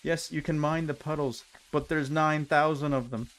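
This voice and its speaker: A man's voice: on the high side, steady tone, normal speed. A young man streaming a block game, ranting in exasperation and repeating himself as he plays. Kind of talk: casual game commentary.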